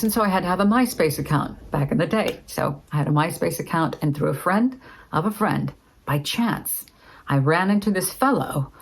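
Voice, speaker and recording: A woman's voice: low voice, slight background noise, poor audio. A middle-aged woman casually telling a personal story, acting out both sides of remembered conversations. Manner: lively, acts out both sides of remembered dialogue.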